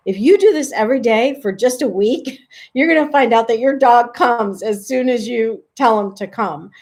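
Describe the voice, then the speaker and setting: A woman dog trainer giving a casual, friendly how-to talk, chatty and relaxed, lifting her voice high for sample calls. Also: normal speed. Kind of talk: casual instructional talk to camera.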